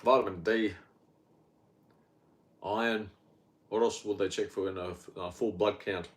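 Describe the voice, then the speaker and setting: A man's voice: on the low side, steady tone, measured pace. Blunt, rambling Australian man. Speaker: health podcaster. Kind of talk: casual rambling monologue.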